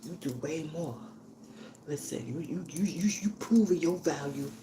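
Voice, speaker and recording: A woman voicing a mother who comforts her daughter in a hushed, low, soothing way, in an echoey room. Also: moderate pace, noisy background, close to an everyday voice.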